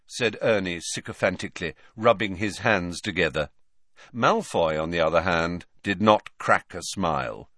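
A man reading an audiobook narration in a measured, expressive way, close to the mic. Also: sits low, dry recording. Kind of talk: scripted narration.

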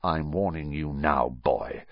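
Gruff bully uncle, low threatening growl, man playing him, husky and dry. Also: lively intonation, normal speed, no echo, muffled recording.

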